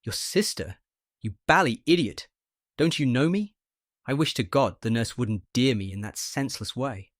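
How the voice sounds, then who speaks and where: A man reading aloud, voicing a weak, bewildered bedridden man who snaps and shouts in irritation. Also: medium pitch, normal speed, hardly any pauses, no room sound, clean studio sound, close to an everyday voice. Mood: furious. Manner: furious outbursts, snapping and shouting. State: weak from illness.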